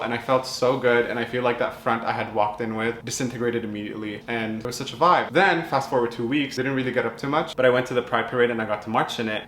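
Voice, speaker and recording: A man's voice: medium pitch, fairly bright tone, a little hiss or hum. A young man telling a campy, chatty storytime vlog with lots of expression. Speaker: vlogger. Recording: echoey room with faint ambience.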